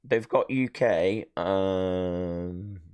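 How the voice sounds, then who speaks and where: A man hosts a live stream in a relaxed, unhurried chat. His voice is smooth and fairly low, and he rambles good-naturedly with plenty of fillers as he reacts to his viewers. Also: dry recording. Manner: chatty, rambling, self-mocking, with fillers. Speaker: streamer hosting a watch-along.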